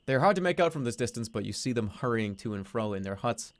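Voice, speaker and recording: Streamer guy reading game text out loud, goofy asides, swears a lot, normal pitched voice. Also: animated, fast talker. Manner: playful, swears casually, laughs at himself. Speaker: streamer playing a text adventure. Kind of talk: reading game text aloud with joking commentary.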